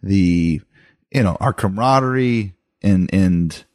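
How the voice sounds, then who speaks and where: A man's voice: low voice, slow pace, a little mellow, dry recording. A man co-hosting a casual chat, teasing his partner and pressing her with repeated questions. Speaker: podcast co-host.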